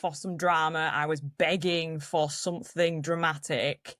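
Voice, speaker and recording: A woman's voice: sits low, a little slow, no echo, clean studio sound. A young woman co-hosting a film podcast, telling stories animatedly and laughing often. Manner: animated storyteller, acts out quotes, laughs a lot. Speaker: podcast co-host. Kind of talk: casual film review chat.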